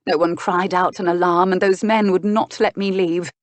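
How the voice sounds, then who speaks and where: A woman narrator voicing a young female stage actress, tearful and breaking into sharp outbursts. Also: lowish voice, fairly even intonation, moderate pace, no echo, natural voice. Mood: distraught. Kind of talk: audiobook dialogue reading.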